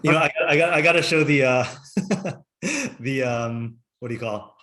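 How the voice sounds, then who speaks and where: Chatty, laughing rabbi teaching a class. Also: male voice, medium pitch, moderate pace, bright, forceful tone. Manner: chatty, self-interrupting, laughs often.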